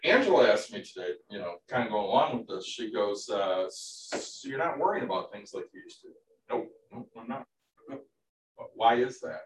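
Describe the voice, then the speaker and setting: A man who coaches baseball shares stories casually on a podcast, swearing now and then. His voice is lively and jumps up and down in pitch. He sounds distant in an echoing room. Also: normal speed, slight background noise. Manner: animated, storytelling, casual swearing. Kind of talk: casual chat. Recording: roomy, distant from the mic.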